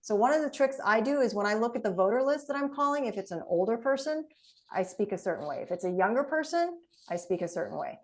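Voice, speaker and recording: A woman trainer leading an online session, talking in a lively, conversational coaching tone over a video call. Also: fairly high pitch, fast talker.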